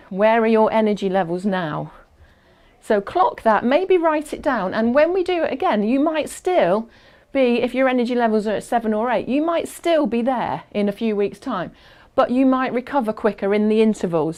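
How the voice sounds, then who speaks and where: A woman's voice: fairly high pitch, a little mellow. A woman instructing a fitness class, chatty and encouraging, counting down aloud and a little out of breath as she exercises along.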